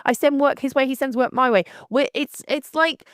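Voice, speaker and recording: A young woman, hosting her own podcast in a blunt, animated, casual monologue with frequent restarts. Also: high-pitched, normal speed, dry recording, studio quality.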